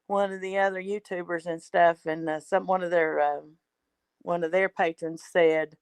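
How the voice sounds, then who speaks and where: A woman calls in to a talk show and chats casually. She rambles and tacks loose fillers onto the ends of her sentences. Her voice sits low for a woman, and the sound is dry. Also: steady tone, normal speed, clear, resonant tone, dry recording. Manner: rambling, trails off with "kind of thing and stuff". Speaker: regular caller. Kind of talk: casual chat.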